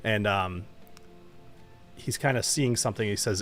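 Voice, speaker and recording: A man's voice: fairly low pitch, unhurried, fairly bright tone, faint music behind. A man running a live tabletop game as dungeon master, easygoing and chatty, laughing often between narration.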